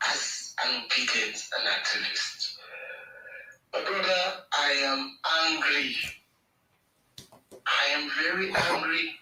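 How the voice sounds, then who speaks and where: Nigerian guy ranting about politics, super bright edgy voice, kinda far off in an echoey room. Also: on the high side. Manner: emphatic, repeats phrases for effect. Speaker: speaker on a live audio space. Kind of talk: impassioned political speech.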